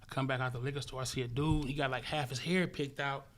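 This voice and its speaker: A man, a podcast guest, telling a vivid, profane story in casual talk, acting out sounds and swinging between loud bursts and hushed murmurs. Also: mid-range voice, steady tone, fast, slight background noise.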